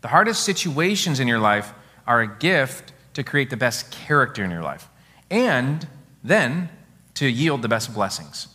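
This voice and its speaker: A middle-aged man preaching a sermon, telling family stories in an animated way. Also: medium pitch, measured pace. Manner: storytelling, animated, laughs at his own stories. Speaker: pastor. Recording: long hall reverb.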